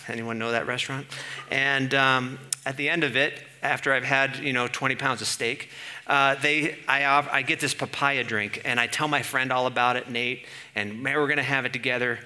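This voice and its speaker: A man preaching a sermon in an animated way, asking the room questions and building to emphatic peaks. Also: medium pitch, moderate pace.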